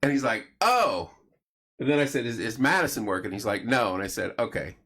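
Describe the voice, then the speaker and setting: A middle-aged man with a medium-pitched voice talks fast as he hosts a casual late-night chat show. He's an animated storyteller, acting out the voices of the people he quotes.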